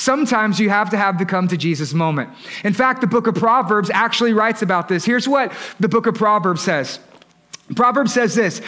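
A man's voice: high voice, animated, moderate pace, bright, forceful tone. A pastor in his thirties preaching a sermon in a conversational way, often asking the congregation questions. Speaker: lead pastor.

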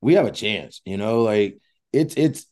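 Mellow low-voiced male podcast host. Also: lively intonation, unhurried. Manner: encouraging, short affirmations. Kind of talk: interview chat.

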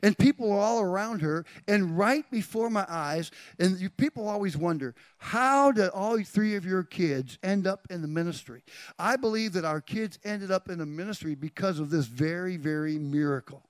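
Older guy pastor, high voice, preaching a story, goes quiet then loud, dry sound. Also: normal speed, no echo. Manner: animated storytelling, swinging from quiet to loud bursts. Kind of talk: sermon testimony.

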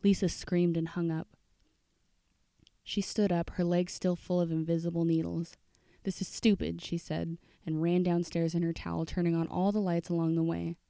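A woman reading a short story aloud in an unhurried storytelling manner. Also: lowish voice, little pitch movement, warm tone, clear, resonant tone, no echo, studio quality. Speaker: audiobook reader. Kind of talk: storybook narration.

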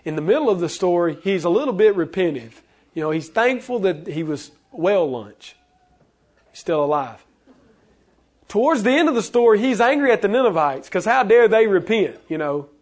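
A married man preaching a sermon, animated and acting out the voices he quotes. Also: high voice, normal speed. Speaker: pastor.

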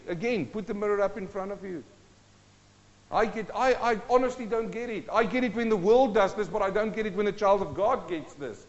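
High-voiced preacher man in an echoing hall. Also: fairly quick. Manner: exhorting, rhetorical questions, sings a hymn line. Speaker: pastor. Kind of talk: sermon. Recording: dull, long-reverb church hall.

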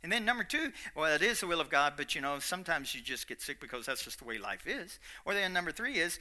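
A man preaching a sermon with a Kentucky accent, folksy and animated, swinging between quiet asides and loud emphatic bursts. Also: a little high, fast talker, hardly any pauses.

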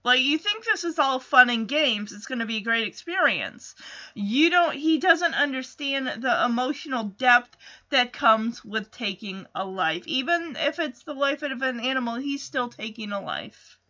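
A woman's voice: high-pitched, expressive, measured pace, sharp tone, muffled recording. A woman hosting a casual recap, retelling a TV episode with chatty asides, tangents and self-corrections. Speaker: podcast host recapping a TV episode.

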